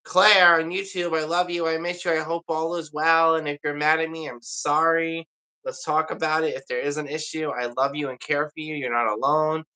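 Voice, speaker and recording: A man's voice: fairly high pitch, level tone, fairly quick, pushed and bright, smooth, rough recording. A man chatting casually on a livestream, rambling and confiding in an emotional way.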